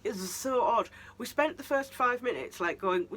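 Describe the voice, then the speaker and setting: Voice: medium pitch, expressive, measured pace, fairly bright tone. A vlogger giving a casual review monologue of a TV season, ranting and incredulous, with many restarts.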